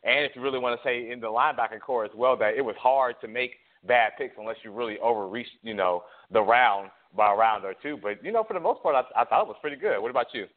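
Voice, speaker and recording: A man co-hosting casual sports chat over a tinny, phone-like line, a little out of breath. He rambles, repeats words and laughs between points. His pitch sits mid-range. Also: fast talker, few pauses. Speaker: co-host.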